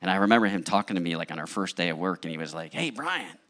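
A man's voice: deep voice, fairly even intonation, very fast, a bit bright. A male pastor preaching a sermon, telling his own story in a candid, conversational way. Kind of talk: sermon with personal testimony.

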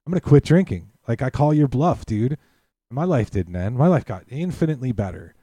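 A man's voice: medium pitch, big pitch swings, brisk, dark tone, dry recording. A man chatting as a podcast guest, telling blunt, rambling stories laced with swearing. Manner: blunt, profane, rambling storytelling. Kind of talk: casual podcast chat.

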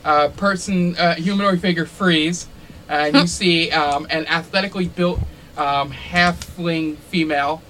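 A man's voice: a little high, steady tone, measured pace, a bit bright, a little hiss or hum, poor audio. A man narrating a tabletop role-playing game as game master, describing scenes with frequent ums and uhs. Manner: descriptive, filler-heavy with many ums.

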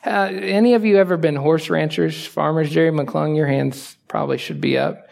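A male pastor preaching a sermon in a conversational style, asking the congregation rhetorical questions and swinging between quiet asides and emphatic raised lines. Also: fairly high pitch, fairly even intonation, normal speed, creaky.

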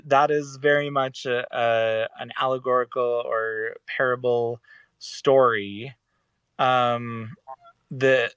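A man's voice: medium pitch, fairly bright tone, smooth, dry recording. Hesitant man co-hosting a chat. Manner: rambling, hesitant, with frequent fillers. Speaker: podcast co-host. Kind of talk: casual discussion.

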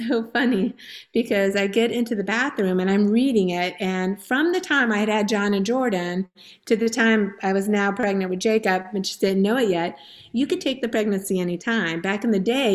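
A woman in her forties telling her personal story as a guest on a faith-based talk show, earnest and emotional. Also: medium pitch. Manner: earnest storytelling, laughing and tearful at times. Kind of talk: personal testimony in a faith interview.

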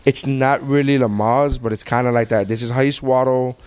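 A man's voice: medium pitch, steady tone, fairly quick, a little mellow, clean tone, no echo. A man in his thirties, a podcast host, chatting casually and rambling through stories, acting out what others said. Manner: rambling storyteller, quotes people in voices. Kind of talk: casual chat.

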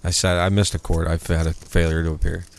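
A man's voice: deep voice, flat delivery, quick pace, vocal fry, a little hiss or hum. A man as a podcast guest, telling a story in a blunt, profane, indignant way. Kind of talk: casual storytelling chat.

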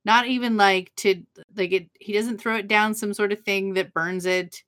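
A woman's voice: medium pitch, steady tone, moderate pace, fairly bright tone, dry recording. A woman co-hosting a casual podcast, recapping a TV episode with blunt, sweary remarks and dry agreement. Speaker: podcast co-host.

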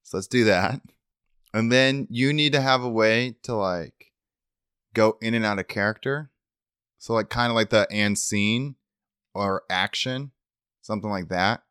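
A low-voiced man co-hosting a comedy podcast, dry and firm as he steers the bit. The sound is close and dry, with no room around it. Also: a little slow, pauses often, a bit bright, clear, resonant tone, no room sound. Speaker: podcast co-host.

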